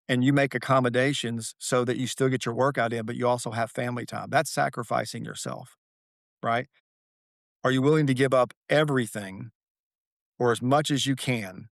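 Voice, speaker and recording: A man's voice: mid-range voice, no echo, studio quality. A man, a podcast guest, speaking earnestly and telling his story with a flair for drama, repeating key phrases for weight. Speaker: guest, author and athlete. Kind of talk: reflective podcast conversation.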